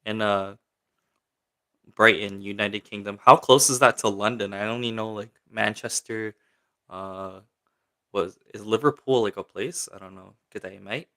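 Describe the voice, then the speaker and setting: A young man hosts a relaxed livestream, reading viewer questions aloud and answering them in a loose, rambling way full of filler words. His voice sits on the lower side, with a bright, forceful edge. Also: measured pace. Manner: chatty and rambling, many fillers, reads chat questions aloud. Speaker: livestream host. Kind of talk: casual livestream chat, answering viewer comments.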